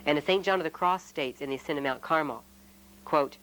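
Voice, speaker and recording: A man who is a friar, giving a spiritual retreat talk in a measured, reflective way with gentle humor. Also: a little high, a little hiss or hum, poor audio.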